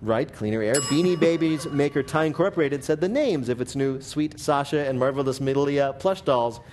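A man hosting a comic news quiz, reading questions with a brisk, wry deadpan delivery. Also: medium pitch, slight background noise. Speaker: quiz show host.

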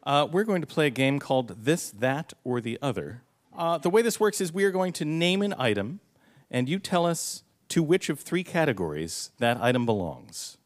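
A man's voice: on the high side, moderate pace. A man running a quiz game, explaining the rules and reading clues with dry jokes. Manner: dry, jokey, animated delivery. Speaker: quiz master.

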